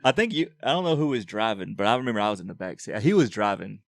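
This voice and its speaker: A man's voice: on the low side, quick pace, vocal fry, no echo, clean studio sound. A man co-hosting a podcast, chatting casually and laughing often while telling stories. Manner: laughs often, animated storytelling. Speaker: podcast co-host. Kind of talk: casual chat.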